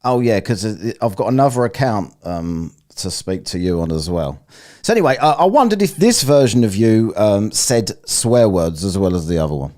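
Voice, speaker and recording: A man's voice: on the low side, big pitch swings, moderate pace, a little mellow. Rambling man, swearing freely. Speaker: live-streamer host. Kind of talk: casual chat.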